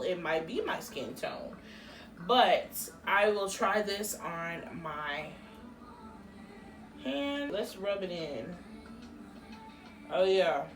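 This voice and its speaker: Recorded from a distance, a woman with a mid-range voice casually talks through a beauty product unboxing and exclaims at what she finds. She's a beauty vlogger, and the audio has roomy echo, slight off-mic sound and faint music.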